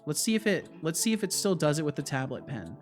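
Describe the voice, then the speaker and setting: A man's voice: fairly high pitch, sing-song, quick pace, soft background music. A man streaming as a game developer, chatting casually and thinking aloud with frequent restarts, easily startled. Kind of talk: casual live-coding chat.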